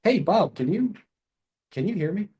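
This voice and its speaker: A man acting as a calm, curious cold caller. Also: a little high, moderate pace, husky. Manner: calm, relaxed, curious phone tone. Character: friendly, curious male phone caller.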